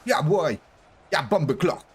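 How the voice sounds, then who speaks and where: A swaggering, laid-back man drawling in a mock Jamaican accent, as a man puts him on. He repeats himself loosely and sits a bit higher than a natural speaking pitch. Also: lively intonation, measured pace, breathy edge, heavily acted.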